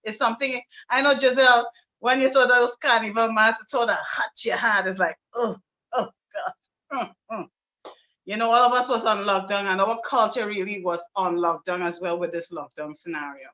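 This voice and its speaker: A woman with a Trinidadian accent, a singer and presenter, talking warmly and effusively as a guest on a video call. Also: mid-range voice, fairly even intonation, brisk, low-quality recording. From south Trinidad. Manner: warm, effusive greetings, talkative. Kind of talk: casual online event talk.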